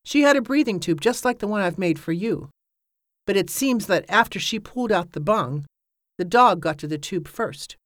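A man's voice: high voice, animated, normal speed, fairly bright tone, dry recording, voice pushed up. A reader plays a reticent boatman with a plain, mumbling way of speaking. His lines stay close to the reader's own voice. The recording is close and dry. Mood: wry. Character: gruff, reticent boatman, older man.

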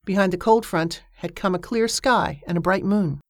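A woman reading a story aloud as an audiobook narrator, with a steady storytelling manner. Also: normal speed, no room sound, studio quality. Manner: steady storytelling voice, lifting pitch for characters' dialogue. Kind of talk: scripted narration.

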